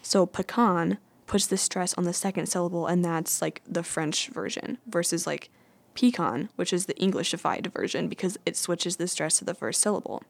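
A woman's voice: on the low side, steady tone, brisk, vocal fry, few pauses, no echo. A woman vlogging in a chatty, playful, self-mocking way. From United States. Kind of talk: casual chat.

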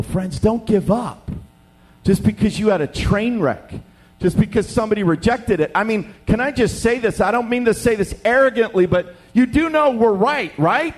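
High-voiced man preaching animatedly. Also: moderate pace. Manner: animated storytelling, acts out voices. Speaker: pastor. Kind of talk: sermon.

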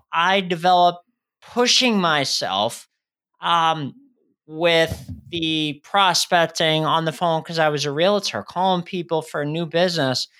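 A man in his thirties, a guest speaker telling his own story in a podcast interview, earnest and halting with frequent restarts. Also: fairly high pitch, bright, forceful tone.

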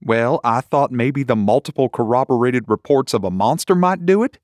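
A man's voice: mid-range voice, lively intonation, normal speed, darkish tone, no echo, clean studio sound, natural voice. A man voicing a cheerful, chatty young deputy in a read-aloud horror story. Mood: chirpy. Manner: chirpy, eager.

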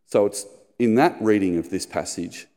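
Male pastor, middle-aged, low mellow voice, storyteller, church hall reverb. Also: normal speed. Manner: storytelling, acts out squeaky high voices in anecdotes. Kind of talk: sermon.

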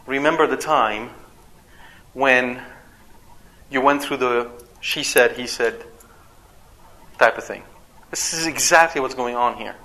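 A man preaching a sermon as a father, animated and acting out quoted voices. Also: a little high.

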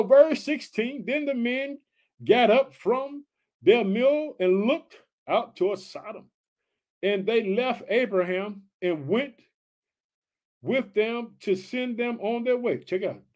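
This man's high voice moves a little slowly as he preaches an energetic Bible study, reading scripture aloud and commenting on it. He's fired up and calls his listeners family.

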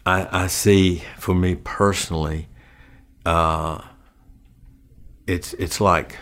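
An older man speaks in a low, deep voice at an unhurried pace. He shares a personal faith testimony in an earnest, reflective way. As he goes on, his voice turns soft and quiet. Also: level tone, vocal fry. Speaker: funeral home worker.

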